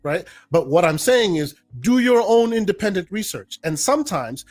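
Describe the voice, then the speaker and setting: A man's voice: high voice, very animated, moderate pace, faint music behind. A man co-hosting a gaming podcast, arguing his point insistently and repeating words when cut off. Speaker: podcast co-host. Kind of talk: casual podcast debate.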